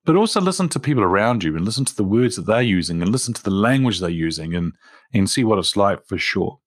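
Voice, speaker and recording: A middle-aged man, a leadership coach hosting a podcast, speaking in an energetic, emphatic motivational monologue and addressing listeners as his team. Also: lowish voice, fast talker, no room sound, studio quality.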